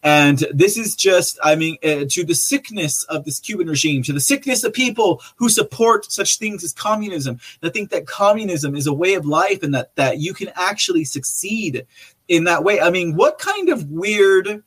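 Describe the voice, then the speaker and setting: Man, higher-pitched voice, podcast host, casual live commentary, rambling, chuckling. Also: expressive, normal speed, a bit bright, husky. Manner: rambling, chatty, addresses listeners directly; chuckles between remarks.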